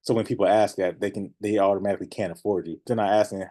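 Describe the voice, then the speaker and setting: A man coaching a class in a casual, animated way, often laughing and acting out what clients say. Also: on the low side, fast. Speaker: notary business coach. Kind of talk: teaching class, casual talk.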